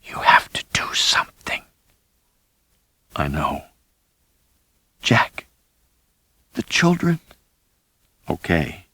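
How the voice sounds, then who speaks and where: A man voicing a frail, dying woman who pleads in a faint, breathy whisper, as whispered role-play in an audiobook. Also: rumbling low, wildly swooping pitch, very slow, pauses often, pushed and bright, no room sound, pitched below the performer's own voice, exaggerated voice. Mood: faint, pleading. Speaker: audiobook narrator.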